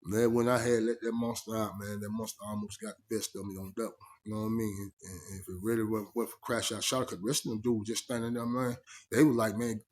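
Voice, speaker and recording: A man's voice: lowish voice, flat delivery, fast, darkish tone. A man telling a story in casual first person, emphatic and streetwise, often asking "you know what I mean". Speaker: vlogger.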